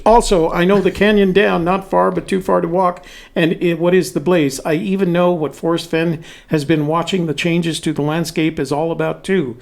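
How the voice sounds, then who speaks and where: A man hosting a casual livestream, reading listener messages aloud and adding dry jokes. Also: on the high side. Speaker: host.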